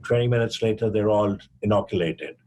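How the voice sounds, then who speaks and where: An older man from India, a physician guest on a podcast, telling a story in a measured way and acting out the quoted dialogue. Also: lowish voice, warm tone, slight background noise.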